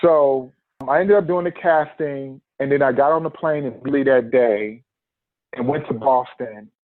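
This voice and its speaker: A man's voice: mid-range voice, normal speed, no room sound. A man telling a personal story in a podcast interview, acting out the quotes and laughing often. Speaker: podcast guest. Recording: tinny phone-line sound, dry.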